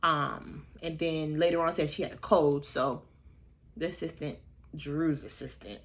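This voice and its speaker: A woman's voice: fairly even intonation, unhurried. Sassy gossiping woman in her thirties. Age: 30s. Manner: sassy, chatty and playfully shady; acts out quotes in exaggerated high voices. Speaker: vlogger recapping a reality show. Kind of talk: casual gossip commentary.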